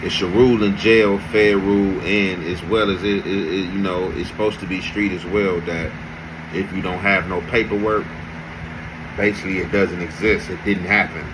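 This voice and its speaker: Low-voiced man with hum behind him. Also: steady tone. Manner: emphatic, deliberate street talk. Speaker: host narrating commentary. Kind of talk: commentary to camera.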